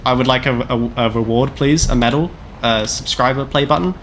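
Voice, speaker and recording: Casting: young man in his twenties, mid-pitched, rambling and jokey gameplay streamer. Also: moderate pace, a bit bright, slight background noise. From Canada. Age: 20s. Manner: rambling, self-deprecating, jokey, lots of "like" fillers. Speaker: game streamer. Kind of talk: casual gameplay live-stream chat.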